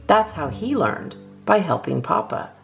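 Low, gravelly woman reading a story. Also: unhurried, soft background music. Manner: lively, expressive reading. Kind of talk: children's read-aloud narration.

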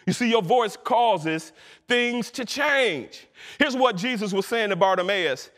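A man preaching a fervent sermon as minister, rising to shouts and drawing out his phrases. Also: high-pitched, lively intonation, measured pace. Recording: long reverb of a church hall.

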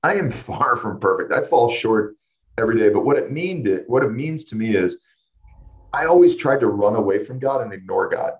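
A middle-aged man, an interview guest, giving a personal testimony in earnest storytelling with restarts and emotional pauses. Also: medium pitch, animated, low-quality recording.

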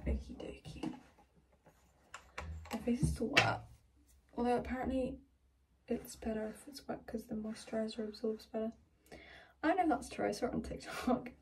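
A teenage girl chatting excitedly in a casual vlog from her bedroom. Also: a little high, a little fast, long pauses, noisy background. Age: teens. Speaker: vlogger. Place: bedroom at home.

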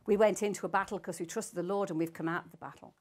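A woman's voice: mid-range voice, steady tone, fast, darkish tone. An older woman teaching the Bible to a small group, reading scripture aloud and asking her listeners emphatic questions.

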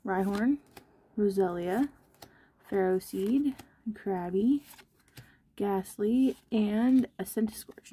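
A woman's voice: mid-range voice, dark tone, husky. A young woman chatting casually and self-deprecatingly while she opens trading card packs on her channel. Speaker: card-opening vlogger.

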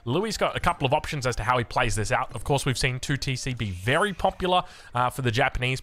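A man's voice: mid-range voice, a bit bright. An Australian man casting a strategy game in a chatty, rambling, jokey way, often cutting himself off mid-sentence. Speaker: game caster. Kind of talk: casual strategy game commentary.

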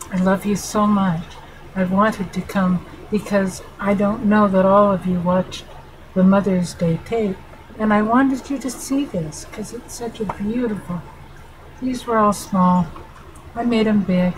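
This rough recording, with slight background noise, features a medium-pitched woman in middle age. A family therapist and channel host, she looks into the camera and speaks to her viewers with sincere warmth in a heartfelt vlog.

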